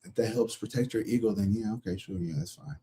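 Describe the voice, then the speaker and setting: A man's voice: on the low side, steady tone, fast, dark tone. A man giving a casual, blunt tarot reading, talking conversationally and swearing freely. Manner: conversational, acts out other people's voices. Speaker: tarot reader.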